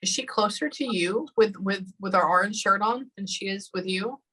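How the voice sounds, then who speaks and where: A woman giving a casual live reading, often pausing and dropping into soft whispers. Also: mid-range voice, slightly rough, poor audio. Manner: casual, pauses often with "hold on" and drops to whispers. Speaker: psychic medium.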